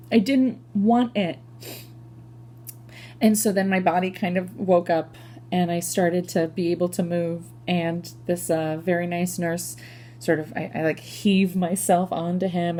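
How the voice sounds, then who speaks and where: A woman performs a confessional comic story on her own. She sounds casual and chatty, with lots of "like" and quick self-corrections. Her voice sits a little low and comes across mellow. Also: a little hiss or hum. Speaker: solo performer.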